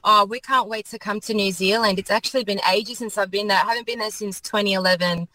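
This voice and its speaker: A woman's voice: medium pitch, steady tone, quick pace, bright, forceful tone, no room sound. An Australian woman, a guest singer, chatting on a phone call from her car. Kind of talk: casual chat.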